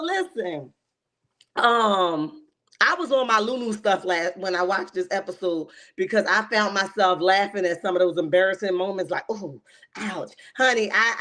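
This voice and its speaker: Slangy woman livestreaming a reality recap. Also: mid-range voice. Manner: animated and laughing, often calls listeners "honey"; slangy and emphatic. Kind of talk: casual livestream commentary.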